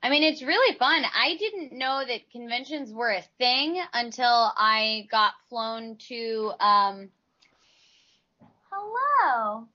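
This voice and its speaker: A woman's voice: on the high side, slow, hardly any pauses, sharp tone, muffled recording. A woman from Texas, a voice actress answering interview questions in a chatty, rambling way, often restarting her sentences. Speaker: voice actress, guest.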